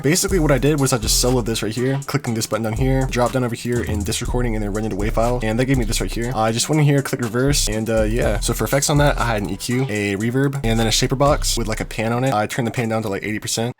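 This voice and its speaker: A man talks quickly through a music production tutorial in a loose, casual way, full of fillers. His voice sits at an everyday pitch, and a beat plays clearly beneath his words. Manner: relaxed, fast, filler-heavy walkthrough. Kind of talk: casual screen-recorded tutorial. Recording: beat music playing under voice.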